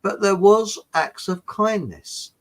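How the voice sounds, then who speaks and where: A man's voice: sits high, slow, low-quality recording. Rambling English man telling stories. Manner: rambling anecdotal storytelling, with restarts. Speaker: guest. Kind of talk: casual chat.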